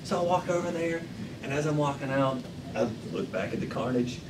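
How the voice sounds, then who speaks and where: A man telling a comedic true story to a live audience at an improv show, animated and swearing freely. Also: fairly high pitch, brisk, background noise. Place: theater stage with live audience. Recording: echoey room, mic from a distance, loud audience laughter.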